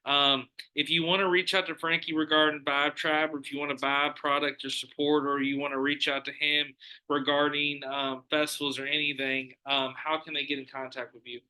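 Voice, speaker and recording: A man's voice: fairly high pitch, little pitch movement, brisk, pushed and bright, smooth, low-quality recording. A man hosting his podcast in casual chat, loose and upbeat, with many fillers as he wraps up. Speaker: podcast host.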